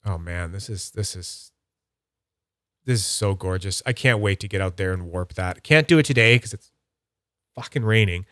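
A man hosting a casual livestream, rambling enthusiastically about his collection and slipping into high silly voices when he quotes people. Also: normal speed, long pauses, fairly bright tone, no room sound, studio quality. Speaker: livestream host.

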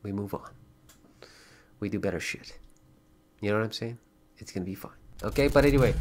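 A man chatting casually as a livestreamer, thanking viewers and donors, swearing freely and getting excited in bursts. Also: fairly low pitch, fairly quick.

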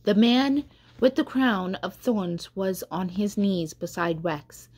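A woman catechist reading a children's storybook aloud in a gentle, unhurried way. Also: medium pitch, animated.

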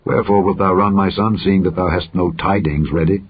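A man voicing a stern army commander who speaks forcefully and reproachfully, in a dull, lo-fi recording. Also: deep voice, steady tone, a little fast, breathy edge. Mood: firm. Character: stern army commander rebuking his king.

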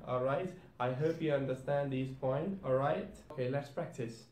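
A man's voice: medium pitch, moderate pace, hardly any pauses, darkish tone. A man hosting an accent tutorial. He explains each point, repeats every example word twice, and keeps asking "all right?". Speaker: host. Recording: echoey room.

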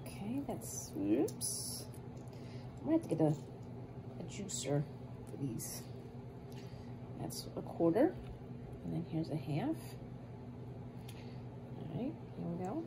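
A woman in her thirties talks unhurriedly through a home cooking session, playful and chatty, with cutesy made-up words. Steady noise hums behind her in the kitchen, and she paces her words slowly. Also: lowish voice, gravelly. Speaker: cooking vlogger. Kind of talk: casual cooking chat and eating.

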